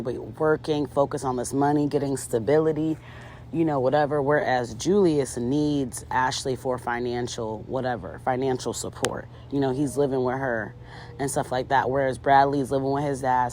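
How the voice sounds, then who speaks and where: A woman's voice: very deep voice, fairly even intonation, normal speed, darkish tone, slight background noise. A woman recapping a reality show in casual commentary, sassy and chatty with lots of fillers, talking to her viewers as girl and ladies.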